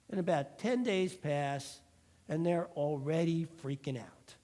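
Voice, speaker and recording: High-voiced man preaching with animated storytelling. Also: unhurried. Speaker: pastor. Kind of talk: sermon.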